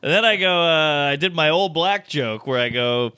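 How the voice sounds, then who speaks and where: A man's voice: on the high side, moderate pace, clean tone, no echo, clean studio sound. A male comedian telling a story on a podcast, acting out the people in it. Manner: animated storyteller acting out quoted voices.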